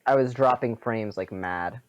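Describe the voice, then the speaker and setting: A man co-hosting a casual gaming podcast, sarcastic and quick to laugh. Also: on the low side, lo-fi sound. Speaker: podcast co-host. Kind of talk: casual chat.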